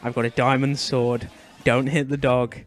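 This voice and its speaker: A young man narrating his own gameplay in a chatty, fretful way, doting and nervous by turns. His voice sits at an everyday middle pitch, and soft music plays behind him. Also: little pitch movement, moderate pace. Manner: chatty, fretful and doting, often bursting into high shrieks. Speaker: gaming channel host. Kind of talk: Minecraft let's play commentary.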